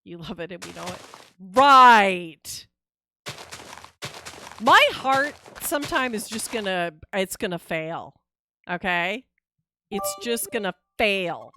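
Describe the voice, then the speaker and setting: A woman's voice: medium pitch, animated, measured pace, background noise. A woman streaming a game live, chatting casually and expressively with her viewers and reacting with laughs and sighs. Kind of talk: casual live-stream chat while gaming.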